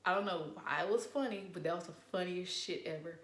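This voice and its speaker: A young woman in casual storytime chat, animated and profane, acting out what people said. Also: fairly low pitch, brisk, echoey room. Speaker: vlogger.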